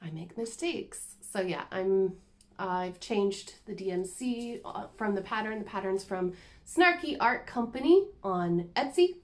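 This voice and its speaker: Unhurried woman chatting about crafts. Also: mid-range voice, lively intonation. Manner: chatty, self-deprecating, giggly asides. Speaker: cross-stitch vlogger. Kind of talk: casual show-and-tell chat.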